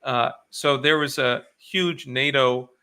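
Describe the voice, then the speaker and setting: A man's voice: mid-range voice, steady tone, takes it slowly, sharp tone, clear, resonant tone. A man as an interview guest, speaking earnestly and urgently, with frequent fillers and restarts. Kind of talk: interview answers.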